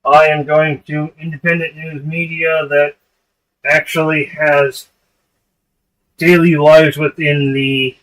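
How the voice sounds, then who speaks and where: Blunt and quick to laugh, a male livestream host swears freely through a casual chat. His voice is a little high and a bit bright, and it's recorded far from the mic.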